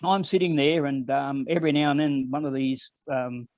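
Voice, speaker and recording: An older man with an Australian accent, telling personal stories as a guest in an online conversation, unhurried and with frequent ums. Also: mid-range voice, darkish tone, no room sound. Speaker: guest elder. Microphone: video call. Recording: dull lo-fi online call audio.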